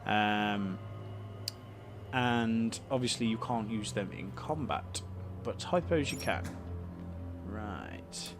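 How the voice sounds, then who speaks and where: A man's voice: on the low side, expressive, slow, pauses often, music in the background. A man casually commenting on a video game he is playing, reading its text aloud with joking asides. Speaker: let's play host.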